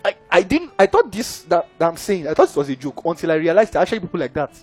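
A man's voice: high-pitched, big pitch swings, very fast, slightly rough, soft background music. A man preaching a sermon, who keeps checking in with his audience. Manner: engaging, keeps asking the audience "are we together, guys?".

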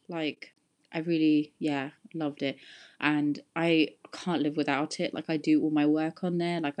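Low, hoarse young woman. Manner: rambling and chatty, many fillers. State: hoarse from a cold. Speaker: podcast host. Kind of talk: casual solo podcast chat. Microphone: podcast microphone.

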